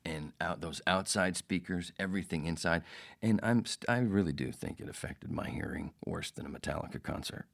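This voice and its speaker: Low-voiced profane podcast host. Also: male voice, brisk, vocal fry, a bit bright. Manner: profane, rambling, jokey. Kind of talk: casual storytelling monologue.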